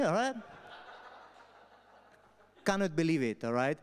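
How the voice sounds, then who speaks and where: A man from Spain doing stand-up storytelling on a festival stage, punchy and animated, with frequent "all right?" asides. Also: a little high, a little fast. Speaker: stand-up comedian. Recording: long hall reverb.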